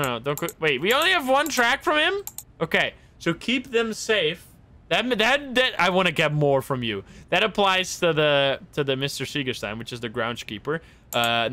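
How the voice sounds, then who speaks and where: Streamer: young man, excitable running commentary, lively bright voice, lots of laughs. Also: on the high side. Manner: excitable, thinks aloud, laughs and exclaims often. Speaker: streamer playing a game. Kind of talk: casual live gameplay commentary.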